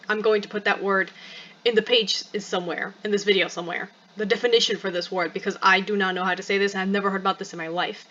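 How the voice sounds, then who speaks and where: A young woman reading a visual novel game aloud, chatty and excitable with many asides. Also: medium pitch, fast talker, muffled recording. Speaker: game streamer.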